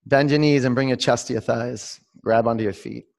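This online yoga teacher is a man with a mid-range, creaky voice who talks a little fast. He pairs quiet meditative coaching with direct commands and addresses his students by name.

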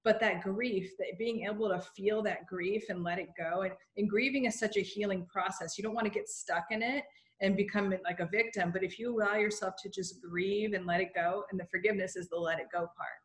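A woman coach with a middle-pitched voice speaks in a relaxed, conversational way. She explains ideas supportively and encourages the other speaker. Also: brisk. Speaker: coach with clients. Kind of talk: casual conversation.

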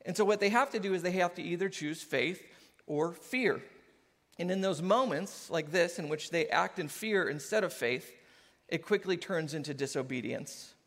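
A man preaching a sermon in an animated way, often laughing and acting out what people say. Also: high-pitched, moderate pace. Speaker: pastor. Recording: hall reverb.

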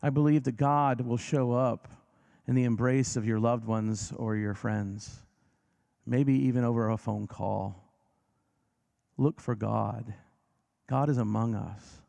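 A pastor gives a gentle, reassuring sermon, easing his pace on key lines. His voice is gravelly, in a middling register. He speaks directly to his congregation. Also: mid-range voice, fairly even intonation. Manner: gentle, reassuring, slows down for emphasis.

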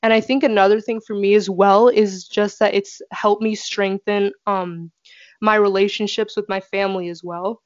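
Earnest young woman, flat delivery. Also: mid-range voice, normal speed, no echo. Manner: earnest, fillers. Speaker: panelist. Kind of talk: casual faith discussion. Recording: dry dull lo-fi audio.

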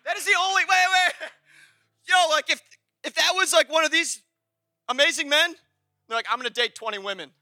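A man preaching a sermon as pastor, animated and conversational, shouting at the high points. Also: a little fast, long pauses, no room sound, studio quality.

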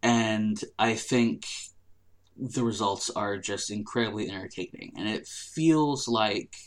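A man's voice: on the low side, takes it slowly. A man appearing as a guest on a podcast, enthusiastic and amused in casual chat.

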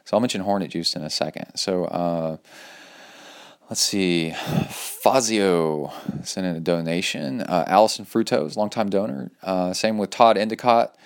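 A man with a low, deep voice hosts his own podcast in a loose, rambling style, full of "uh"s and "um"s. He sounds upbeat and enthusiastic as he talks through his news. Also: a little slow, vocal fry, clear, resonant tone. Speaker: podcast host. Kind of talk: casual solo podcast talk with sponsor read.

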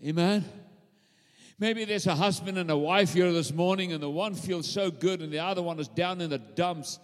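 A man's voice: high voice, moderate pace. A man preaching a fervent sermon in a church, calling on the congregation to answer back. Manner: fervent, repetitive preaching with call-and-response to the congregation. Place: church sanctuary. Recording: long hall reverb.

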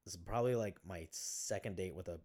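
A man, a podcast guest, telling his own story in a casual interview, halting with many fillers and restarts and casual swearing. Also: deep voice, warm tone.

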